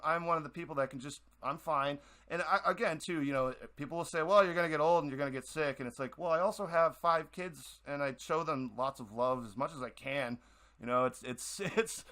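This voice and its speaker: A Boston-area man hosts a radio show, delivering a rambling, heated opinion monologue with many restarts. His mid-range voice is bright and forceful, and the talk is casual.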